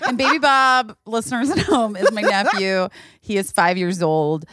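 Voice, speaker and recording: A woman in her forties tells a story on a podcast with a lively, wide-ranging voice that swings up and down as she laughs and swears her way through it. The sound is close and dry, with no room around it. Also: moderate pace, no room sound. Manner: animated storyteller, doing high childlike voices for her nephew; laughs often, swears freely. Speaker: podcast host. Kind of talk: casual chat.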